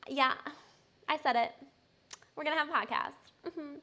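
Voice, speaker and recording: A woman's voice: medium pitch, lively intonation, normal speed, long pauses, pushed and bright. A young adult woman, a personal trainer, chatting casually and upbeat on a live stream, with frequent fillers.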